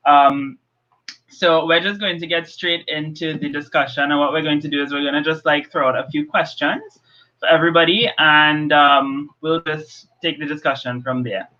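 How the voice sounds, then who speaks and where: A young man from Trinidad hosting a live video call book chat, relaxed and hesitant with fillers. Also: on the high side, moderate pace. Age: young adult. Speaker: host. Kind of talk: casual live-stream chat. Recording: dull lo-fi video call audio.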